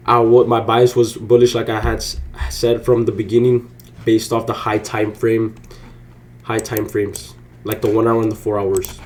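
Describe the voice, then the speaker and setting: A young man casually commenting on his day trades to viewers, slangy and excitable, swearing freely. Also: medium pitch. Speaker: day trading vlogger. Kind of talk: casual live commentary while trading.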